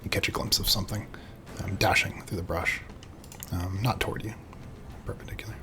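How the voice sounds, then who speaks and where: A man with a very deep voice narrates a tabletop game as its game master. He describes the scene calmly, pausing often to gather his thoughts. A steady hiss of background noise runs under the home recording. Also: creaky. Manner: calm, measured descriptions with frequent "um"s.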